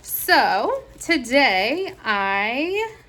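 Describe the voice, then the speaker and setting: Woman vlogging, super excitable and gushy, gasps a lot, voice jumps all over. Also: high voice, very slow. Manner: gushing and excitable, with frequent gasps. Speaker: crafting vlogger. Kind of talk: casual vlog chat.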